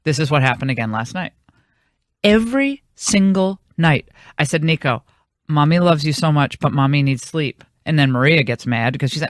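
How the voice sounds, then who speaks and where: Woman radio talk host, lively swooping pitch, rambling chatty stories, dry studio sound. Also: moderate pace, no echo. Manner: rambling, anecdotal storytelling. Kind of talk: casual on-air chat.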